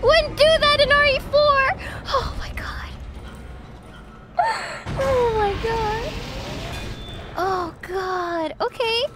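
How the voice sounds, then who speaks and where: A woman streaming a horror game, panicking aloud with yelps, quick repeats and nervous laughter. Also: extremely high pitch. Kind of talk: live horror gameplay commentary. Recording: loud game music and effects behind the voice.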